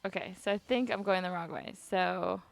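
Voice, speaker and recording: A woman chatting to herself while she plays a video game, rambling and giggly, her voice climbing high when she gets nervous. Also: moderate pace, creaky, faint music behind. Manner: rambling self-talk, giggly. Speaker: streamer. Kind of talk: casual gameplay commentary.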